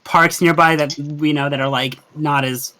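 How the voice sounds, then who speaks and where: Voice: mid-range voice, steady tone, normal speed, background noise. A tabletop game player talking casually, hesitant and giggly, trailing off and restarting often.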